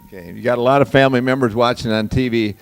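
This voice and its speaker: A man's voice: fairly even intonation, fast talker, vocal fry, clear, resonant tone. A man emceeing a graduation ceremony, calling up graduates and rallying the crowd. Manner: booming, rallies the crowd.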